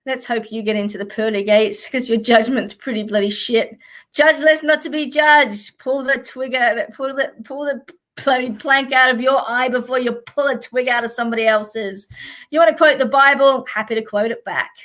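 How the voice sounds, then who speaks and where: A woman's voice: a little high, fairly even intonation, moderate pace, a bit bright. An Australian woman, a psychic, chatting casually on a live stream in a blunt, sweary way and often laughing.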